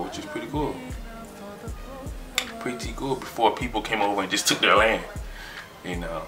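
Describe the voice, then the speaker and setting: A young man in his twenties, chatting excitedly in a casual vlog and trailing off as he reads his results aloud. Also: fairly low pitch. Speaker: vlogger.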